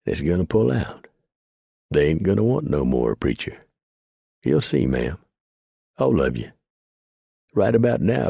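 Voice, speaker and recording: A man's voice: deep voice, creaky, warm tone, breathy edge, dry recording, exaggerated voice. A man voicing an old frontiersman who rambles in thick backwoods dialect. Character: admiring old frontiersman storyteller.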